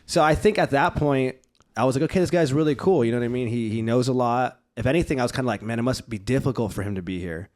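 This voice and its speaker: A man's voice: mid-range voice, fast talker, a little mellow. A man guest on a podcast, chatting casually in a rambling, filler-heavy, friendly way. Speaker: guest, recovery event organizer. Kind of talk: casual conversation.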